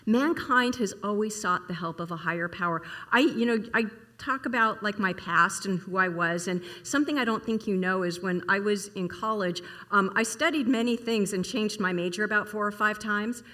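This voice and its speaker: Bright-voiced woman giving a chatty sermon. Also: medium pitch, moderate pace, few pauses. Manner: chatty, storytelling, asks the audience questions. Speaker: minister. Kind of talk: casual sermon to a congregation. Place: church service hall.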